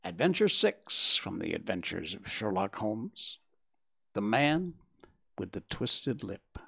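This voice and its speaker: Gravelly male audiobook narrator. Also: big pitch swings, pushed and bright. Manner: measured, sombre storytelling, dropping low at phrase ends. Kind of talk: scripted narration of a classic detective story.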